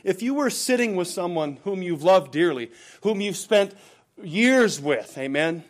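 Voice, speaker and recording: A man preaching a sermon to his congregation, pressing his points with repeated calls to the brethren, rising loud and falling low and quiet at the ends of phrases. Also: animated, moderate pace. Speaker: pastor.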